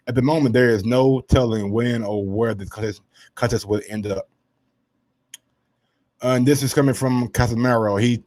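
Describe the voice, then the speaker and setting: A man hosting a casual sports commentary show, brash and profane, swinging from low asides to loud heated rants.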